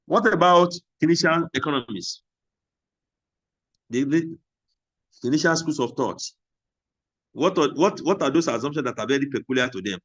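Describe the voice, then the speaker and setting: A man giving a classroom lecture, who asks questions and answers them himself, and repeats key phrases slowly so the class can write them down. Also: fairly high pitch, lively intonation, a bit bright, muffled recording.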